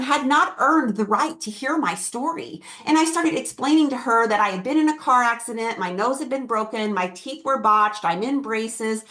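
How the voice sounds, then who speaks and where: A woman's voice: on the high side, fairly bright tone. A middle-aged woman hosting her own podcast, telling a personal story in an earnest, emphatic way. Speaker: podcast host and keynote speaker.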